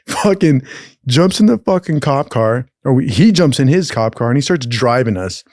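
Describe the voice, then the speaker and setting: A man's voice: a little high, normal speed, no echo, studio quality. A young man telling a rowdy story in casual, profane talk, acting out what other people said. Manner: profane, animated, acts out other people's lines. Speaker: podcast host.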